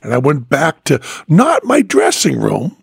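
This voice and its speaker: A man hosting a podcast, telling animated anecdotes in casual chat with a gravelly, husky voice. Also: fairly high pitch, unhurried, dry recording, clean studio sound. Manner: animated anecdote teller, often laughing. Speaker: podcast host.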